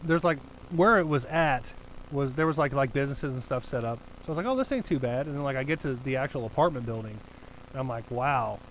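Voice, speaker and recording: Chatting casually with his co-hosts, a young man tells a rambling story full of profanity in a voice of ordinary middle pitch. The recording is rough, and a faint background hiss runs beneath it.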